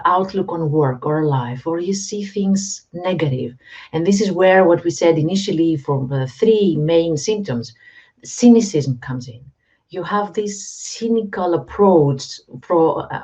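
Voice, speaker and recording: A woman hosting a mental health channel, calmly explaining to camera and asking the viewer direct questions. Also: on the low side. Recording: dull lo-fi recording.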